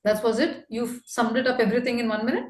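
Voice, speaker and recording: A woman with an Indian accent coaching a candidate after a mock interview. She is brisk and emphatic, mixing English and Hindi. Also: fairly high pitch, a little mellow, reverberant.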